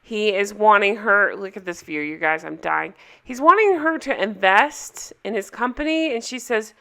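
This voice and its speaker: Casual female vlogger, bright and forward tone, talky recap delivery. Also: mid-range voice, expressive, measured pace, vocal fry, few pauses. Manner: chatty, rambling, self-correcting, quoting characters in little voices. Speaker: TV show reviewer.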